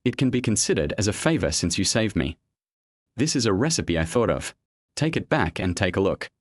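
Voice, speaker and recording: A man's voice: lowish voice, sing-song, fairly quick, no echo, studio quality. A man voicing a cocky young male martial artist who teases the people around him. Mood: teasing. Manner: smug, teasing.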